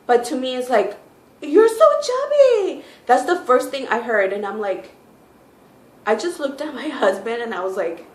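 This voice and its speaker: A woman's voice: a little high, normal speed. Chatty pregnant woman telling a story. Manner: chatty, full of "like" and "you know". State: heavily pregnant. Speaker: vlogger. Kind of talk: casual storytime. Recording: echoey room with faint noise.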